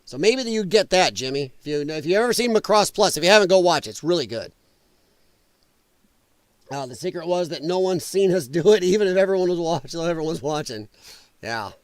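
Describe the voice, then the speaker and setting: A man hosting a casual political commentary livestream, rambling and quick to laugh while he reads the chat. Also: fairly high pitch, lively intonation, no room sound. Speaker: livestream host reading chat.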